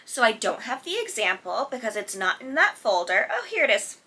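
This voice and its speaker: A woman hosts a casual reaction video at home and talks through a sitcom while she draws. Her voice is bright and forward, with a slightly husky edge. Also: on the high side, sing-song, brisk.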